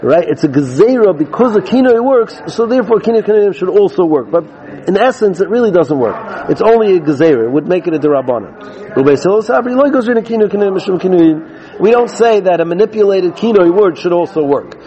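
A man's voice: high voice, expressive, fairly quick, warm tone, rough recording. A man teaching a Talmud class, reading out Aramaic lines and then explaining them in English.

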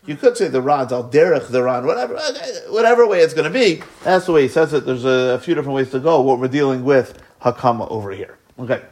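A man teaching a Talmud lesson, sprinkling in Hebrew study terms and rising in pitch as he poses questions. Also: fast, hardly any pauses. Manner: animated, rising pitch when posing questions.

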